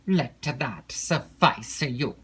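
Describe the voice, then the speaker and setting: A woman voicing a stern, domineering older nobleman who speaks slowly and curtly. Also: extremely low pitch, expressive, breathy edge, heavily acted. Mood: curt, cold. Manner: slow, curt, commanding.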